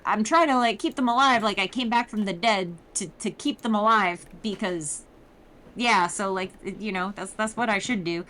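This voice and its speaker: A woman voicing a blunt, sarcastic young woman adventurer who speaks in a crude, deadpan way, quoted casually in a game recap. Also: mid-range voice, normal speed, slight background noise, natural voice.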